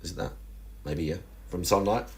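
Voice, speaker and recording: A young man talks to his livestream chat in a loose, rambling way, full of crude jokes and restarts. His voice sits fairly low. A faint hiss of background noise runs under it. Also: normal speed. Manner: rambling, crude and self-mocking, lots of restarts.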